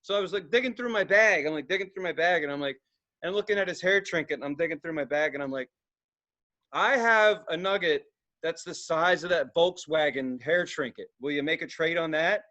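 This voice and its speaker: A man with a high, bright voice tells stories briskly as a podcast co-host, with the highs cut off in the recording. It's casual storytelling chat: profane, rambling, and full of acted-out quoted voices.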